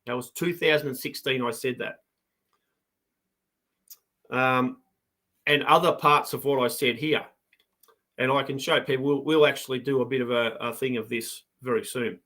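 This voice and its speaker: Middle-aged Australian farmer, male, on a live stream; combative and fired up, with a pushed, forceful voice. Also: mid-range voice, steady tone, unhurried, long pauses. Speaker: farmer and farm advocate. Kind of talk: live broadcast commentary.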